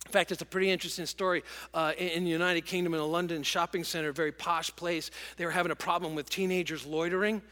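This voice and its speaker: A middle-aged man preaching a sermon to a congregation, telling stories in an animated, emotional way. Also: on the high side, fast, few pauses. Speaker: pastor. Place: large church auditorium with congregation. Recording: long church hall reverb.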